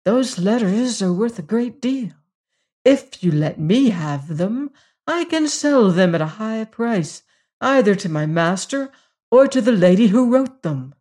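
A man's voice: high voice, big pitch swings, unhurried, a little mellow, pitched above the performer's own voice, full character voice. A narrator voicing a cringing, blackmailing male servant who pleads with tremulous eagerness and turns silky. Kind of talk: audiobook character reading.

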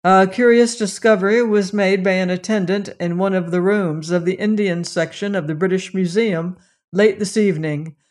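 A man's voice: high-pitched, steady tone, moderate pace, close to an everyday voice. A narrator voicing an anxious, older male doctor who warns his son in an urgent, grim way.

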